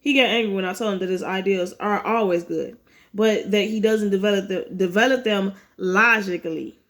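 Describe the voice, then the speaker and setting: A woman voicing a cold, blunt male psychology student who talks flatly, like a machine. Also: high-pitched, normal speed, voice pushed down. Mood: clinical. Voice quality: flat, robotic delivery.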